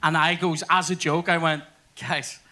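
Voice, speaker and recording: A man's voice: a little high, flat delivery, moderate pace, bright, forceful tone. A man telling crude stories at a live podcast on stage. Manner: crude storytelling with sweary asides. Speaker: podcast host. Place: theatre stage before audience.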